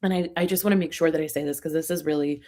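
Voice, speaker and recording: A woman with a Long Island accent, a comedian and brand strategist talking casually as a podcast guest, animated and quick to laugh at herself. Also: low voice. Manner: animated, laughs often, self-deprecating.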